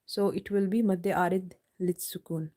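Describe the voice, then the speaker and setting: A woman teaching Quran recitation in a live online lesson, patiently repeating each word slowly for her students. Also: fairly low pitch, steady tone, mellow. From United Kingdom.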